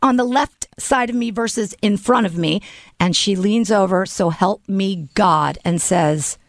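A middle-aged woman co-hosting a casual studio chat, telling a story animatedly and dropping her voice low to quote others. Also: unhurried, no room sound.

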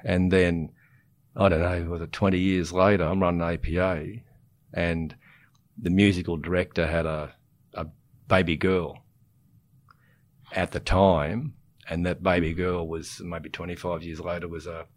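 A man's voice: sits low, level tone, measured pace, pauses often, dry recording. An Australian man in his sixties, a former chief executive, telling rambling anecdotes as a podcast guest and chuckling as he goes. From Queensland, Australia. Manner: rambling, self-interrupting, chuckles through his stories. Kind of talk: casual anecdotal storytelling.

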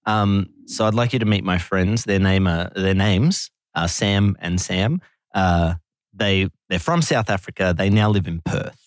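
Male co-host, straight man, lowish voice, dry sound. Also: measured pace, no room sound. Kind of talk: casual podcast chat.

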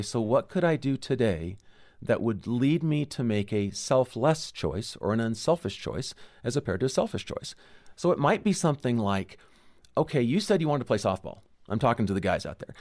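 A man's voice: medium pitch, animated, normal speed, darkish tone. A man, a professor, speaking as a radio guest and explaining ideas with everyday examples. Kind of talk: interview, teaching tone.

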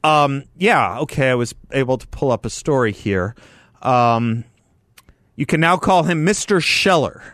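A man's voice: medium pitch, expressive, measured pace, a bit bright, dry recording, clean studio sound. Chatty radio talk host in his fifties. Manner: chatty, laughs often, reads news aloud then editorializes.

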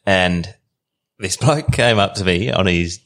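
Sitting low in pitch and taking his time, an Australian podcast guest in his thirties tells a long travel story that wanders along casually. His tone comes across fairly bright.

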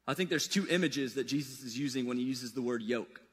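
A man preaching a sermon in a loose, conversational way, swinging between loud and soft. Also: fast, hardly any pauses. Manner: casual, conversational preaching with wide swings in pitch and loudness. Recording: long reverb of a large hall.

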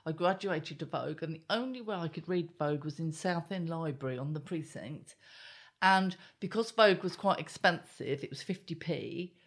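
A woman's voice: low-pitched, moderate pace. Dry, teasing middle-aged woman. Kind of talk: casual chat.

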